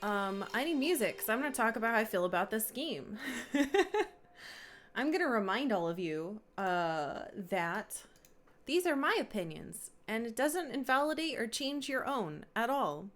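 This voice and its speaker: A woman's voice: on the high side, sing-song, a little slow, fairly bright tone. A woman live-streaming a game, chatting casually, swearing and thanking viewers.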